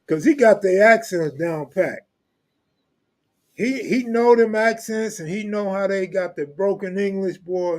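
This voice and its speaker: A man's voice: high-pitched, a little mellow. A man from California, hosting a live stream, chatting casually in loose street slang and joking with viewers. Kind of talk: casual chat reading live comments.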